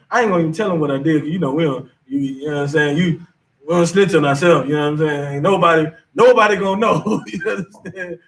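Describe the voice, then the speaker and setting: A man's voice: a little high, fast. Male class leader, punchy street-casual preaching, recorded at a distance. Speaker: class teacher. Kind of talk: scripture class discussion.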